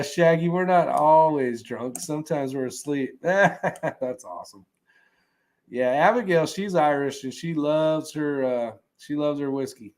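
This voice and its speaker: A man hosting a casual livestream, reading chat comments aloud in a relaxed, rambling way that often trails off. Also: on the high side.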